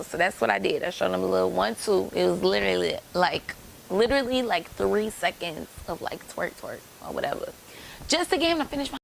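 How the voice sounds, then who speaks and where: Gravelly-voiced woman in her late twenties. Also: medium pitch, lively intonation, a little fast, slight background noise, rough recording. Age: late 20s. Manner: chatty, rambling, addresses viewers as y'all. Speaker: vlogger telling a personal story. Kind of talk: casual storytime chat.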